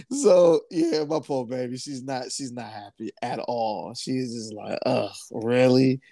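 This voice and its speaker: A man's voice: mid-range voice, animated, slow, gravelly, dark tone, no room sound. A man hosting a casual podcast chat, laid-back, repeating his phrases and laughing easily. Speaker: podcast host.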